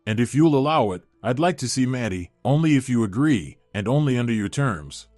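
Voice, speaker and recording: A weak-willed husband in his thirties, broken and pleading, voiced by a male narrator. The pitch moves lively through each line. The sound is dry, with quiet music behind. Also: a little fast, no echo, close to an everyday voice.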